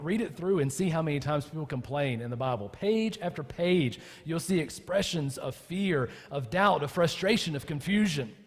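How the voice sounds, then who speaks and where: Conversational preacher man, higher voice. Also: slightly rough, in a large hall. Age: adult with children. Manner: conversational, building to impassioned emphasis. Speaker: pastor. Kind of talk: sermon. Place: church.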